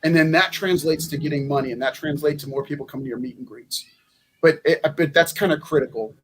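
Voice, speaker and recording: A man's voice: a little high, fast talker, slight background noise. Rambling folksy man on a convention panel. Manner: rambling, folksy, many restarts. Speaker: former congressional candidate. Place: convention meeting room.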